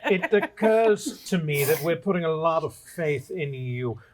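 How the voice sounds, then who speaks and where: An actor playing a skeptical undead adventurer in a script reading. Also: male voice, fairly high pitch, expressive, unhurried. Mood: wary.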